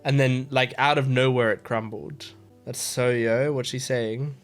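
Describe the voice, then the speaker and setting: A woman's voice: extremely low pitch, steady tone, measured pace. A woman hosting an anime reaction video, talking casually and emotionally, with exclamations and swearing. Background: faint anime music.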